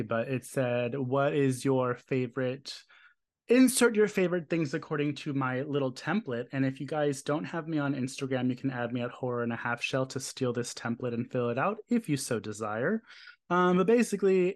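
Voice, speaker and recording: A man hosting a horror podcast, talking in a playful, jokey, rambling way. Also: a little high. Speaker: podcast host. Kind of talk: casual chat.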